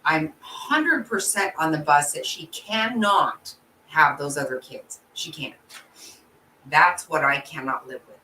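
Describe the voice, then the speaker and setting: A woman channel host chats casually with her viewers, answering their comments bluntly and emotionally while swearing freely. Her low voice has lively intonation and a bright, forceful tone, and she takes it slowly. The recording has a roomy echo, faint background noise, and she sits distant from the mic.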